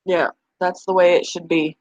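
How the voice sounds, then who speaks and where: A woman's voice: on the low side, little pitch movement, normal speed, a little mellow, no echo, muffled recording. A young woman hosting a casual live-stream chat about her pets, answering viewers' comments as they come in. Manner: chatty, talks back to viewers' comments. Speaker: pet channel host.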